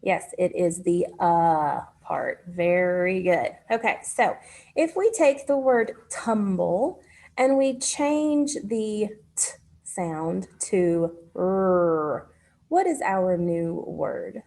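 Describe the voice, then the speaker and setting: A woman teaching a phonics lesson to children, speaking patiently and pausing for their answers. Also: medium pitch, expressive, dark tone.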